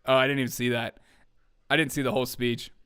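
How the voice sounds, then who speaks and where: A man's voice: mid-range voice, little pitch movement, quick pace, sharp tone, clear, resonant tone. A man hosting a comedy news show, sarcastic and laughing often as he riffs. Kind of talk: casual comedic commentary.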